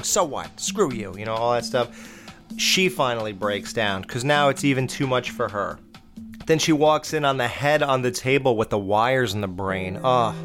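A man hosting a casual film review podcast, blunt and opinionated, rambling with fillers as he recaps scenes. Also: mid-range voice. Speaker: podcast host.

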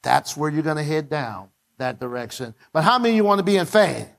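A man's voice: a little high, very animated, fairly quick, gravelly, fairly bright tone. A male pastor preaching a sermon in church, repeating phrases and calling on the congregation to say them with him.

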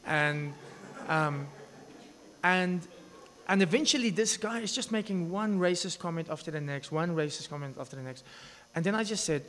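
A man preaching a sermon, telling a story with lively asides, restarts and acted-out quotes. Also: a little high, normal speed, slight background noise. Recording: echoey hall reverb.

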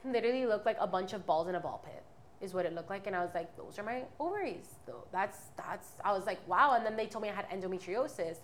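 A woman's voice: medium pitch, expressive, fast, slight background noise. A woman in her twenties giving a candid, rambling personal testimony as a podcast guest. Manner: candid, rambling, many fillers and restarts.

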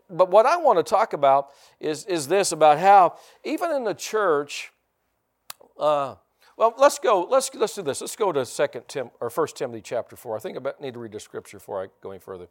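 Male pastor, emphatic call-and-response sermon, a touch higher voice than most men, drags out key words. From United States. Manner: emphatic, call-and-response preaching with repeated phrases; slows down to stress key words.

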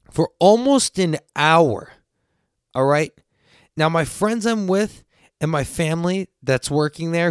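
A man's voice: fairly high pitch, dry recording, clean studio sound. Profane, rambling podcast man. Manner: animated when quoting others. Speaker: podcast host. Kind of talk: casual storytelling.

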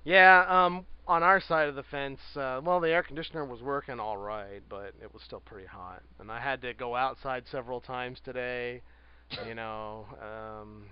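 A man's voice: medium pitch, steady tone, normal speed, clean tone, dull audio. A man from Southern California co-hosting a podcast, laid-back and dryly sarcastic in casual chat. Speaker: podcast co-host.

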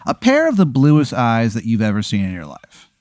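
A man's voice: mid-range voice, huge pitch swings, normal speed, a little mellow, no echo. Guy rambling through a made-up bit on a podcast, mid voice, dry close mic. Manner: loose and rambling, lots of "like" and swearing. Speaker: host running an improvised scenario. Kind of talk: casual comedic storytelling.

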